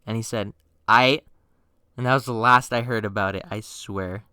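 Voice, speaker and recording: A young man telling funny stories on his channel in a slangy, swearing casual style, with bursts of mock-outraged yelling. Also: fairly low pitch, steady tone, brisk, smooth, no room sound. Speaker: storytime youtuber. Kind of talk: casual storytime narration.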